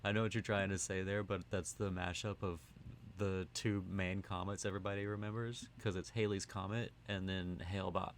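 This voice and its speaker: A man's voice: low voice, level tone, moderate pace, few pauses, slight background noise. A man co-hosting a podcast in casual chat, laid-back, laughing often and adding dry asides. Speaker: podcast co-host.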